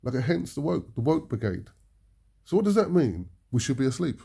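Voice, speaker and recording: British man, preacher, gravelly voice, dark mellow tone, emphatic, keeps checking in with "yeah?". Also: fairly high pitch, big pitch swings, normal speed. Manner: emphatic, ends points with a questioning "yeah?". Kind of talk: impassioned talk to an audience.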